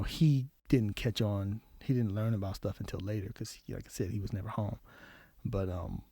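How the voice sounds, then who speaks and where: A man telling a painful personal story as a podcast guest, halting and repeating words, his voice often dropping low and soft. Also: dry recording, studio quality.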